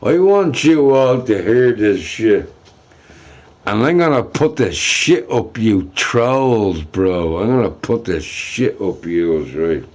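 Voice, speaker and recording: A man's voice: lowish voice, animated, takes it slowly, darkish tone. A young man streaming, ranting to his chat in a profane, trash-talking way. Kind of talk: livestream rant to chat.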